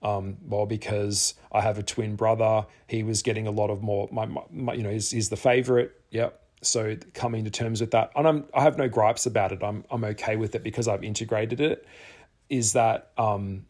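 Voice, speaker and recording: A man's voice: on the low side, steady tone, normal speed, darkish tone. An Australian man talking candidly to the camera, earnest and rambling, often repeating phrases for emphasis. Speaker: tarot artist and vlogger.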